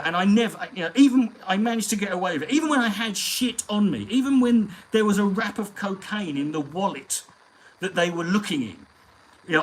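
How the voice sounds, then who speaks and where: A man's voice: a little high, fairly bright tone, slight background noise, rough recording. Foul-mouthed Englishman rambling on stream. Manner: profane, rambling storyteller. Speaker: live stream host. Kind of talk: casual anecdotal chat. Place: at home on a live stream.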